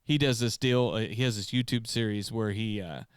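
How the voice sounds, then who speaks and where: A man's voice: fairly low pitch, normal speed, clean tone, no room sound, studio quality. A man co-hosting a podcast, telling long rambling stories in casual chat and swearing freely. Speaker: podcast co-host.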